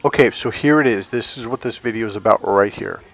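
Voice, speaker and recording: A man's voice: fairly low pitch, a little fast, creaky, faint music behind. A middle-aged man coaching men on dating, talking bluntly with plenty of swearing and acting out the voices of the people he quotes. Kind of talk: direct-to-camera coaching talk.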